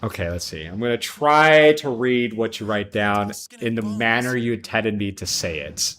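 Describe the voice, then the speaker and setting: A man's voice: fairly low pitch, animated, moderate pace, a bit bright. A man from Chicago hosting a casual gaming livestream, swearing freely and drifting into tangents. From Chicago, American Midwest. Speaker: livestream host.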